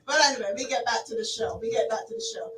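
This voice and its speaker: A woman from London hosting a live stream show, bubbly and quick to laugh, spelling names out for viewers. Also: a little high, steady tone, recorded from a distance, noisy background. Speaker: show host. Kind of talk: lively live-stream chat. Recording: echoey room, from off mic, crowd behind.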